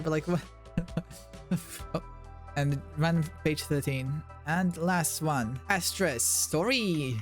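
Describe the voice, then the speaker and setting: Brief: excitable gamer man, fairly high voice, casual commentary, faint music behind. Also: normal speed. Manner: excitable, breaks into yelps and laughter. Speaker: gamer reading player books aloud.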